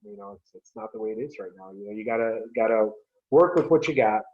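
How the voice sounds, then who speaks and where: A man's voice: lowish voice, fast talker. A man speaking as a podcast guest, talking loosely with trailing phrases and lots of fillers. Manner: loose, trailing phrases full of "you know". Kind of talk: casual podcast chat. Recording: dull lo-fi sound.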